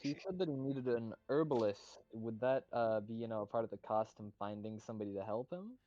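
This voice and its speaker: A man player asking quick clarifying questions during a tabletop game. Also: fairly low pitch, lively intonation, mellow, dull audio, a little hiss or hum.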